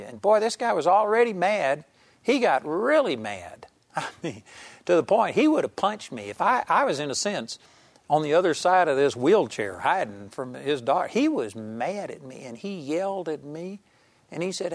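A man's voice: a little high, very animated, moderate pace, no room sound. A man delivers a television sermon in an earnest, emphatic storytelling manner, his voice sitting a little above the usual male range. The sound is close and dry, with no room around it. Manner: earnest, emphatic storyteller who acts out quoted people. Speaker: television preacher.

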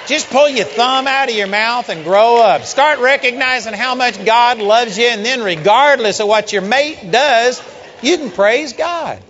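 A man preaching a sermon, emphatic, building up to loud rhetorical questions. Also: sits high. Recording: dull lo-fi sound with long hall reverb.

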